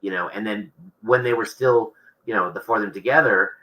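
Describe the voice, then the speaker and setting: A man's voice: fairly low pitch, brisk, pushed and bright, rough recording. A man, an author being interviewed, talking casually and rambling with many restarts.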